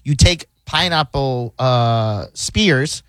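A man's voice: mid-range voice, lively intonation, extremely slow, smooth, no room sound. A man co-hosting a radio show, talking casually with lots of fillers. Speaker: radio co-host.

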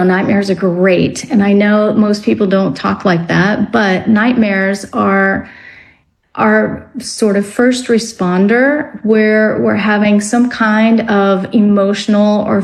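Woman guest on a radio talk show, calm and reflective, talks through ideas about dreams and drags out some words. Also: medium pitch, poor audio. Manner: reflective, explanatory, with slow drawn-out words. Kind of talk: radio interview.

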